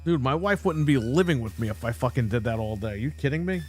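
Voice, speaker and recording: A man's voice: mid-range voice, animated, quick pace, a little mellow. A man hosting a casual livestream show, ranting bluntly and mockingly with plenty of swearing. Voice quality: profane, blunt. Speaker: podcast host.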